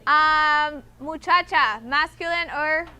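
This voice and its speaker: A woman's voice: sits high, takes it slowly, sharp tone. A woman teaching a Spanish class to students, patient and explaining step by step, often checking in with "okay?". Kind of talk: classroom instruction.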